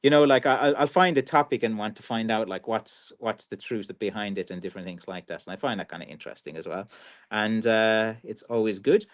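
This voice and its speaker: A man's voice: fairly low pitch, fairly quick. A man with a Kerry Irish accent hosting a live stream, chatting casually and reading out viewer comments with rambling restarts and lots of fillers. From Ireland.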